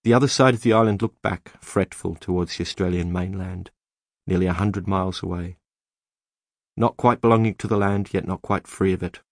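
A man narrating an audiobook in a measured, even storytelling manner, close to the mic. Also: low-pitched, no room sound. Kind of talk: scripted narration.

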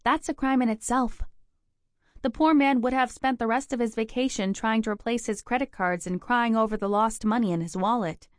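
A woman's voice: on the high side, moderate pace, no room sound, studio quality, close to an everyday voice. A woman reading the part of a playful young woman in her twenties, a teasing best friend who talks in an upbeat, sing-song way. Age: 20s.

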